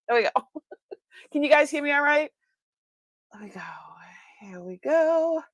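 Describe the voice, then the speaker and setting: A woman's voice: high voice, expressive, unhurried, pauses often, no room sound. A woman with a Boston accent hosting a casual live-stream sale, chatting and greeting viewers by name with frequent laughs.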